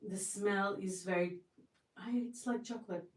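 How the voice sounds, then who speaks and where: A chatty woman hosts a casual livestream from her home kitchen, gushing over what she shows and often stopping to restart a sentence. Her voice sits at an ordinary pitch for a woman. It sounds roomy and a little distant from the mic. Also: steady tone, moderate pace. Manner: chatty and effusive, with many restarts. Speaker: livestream host.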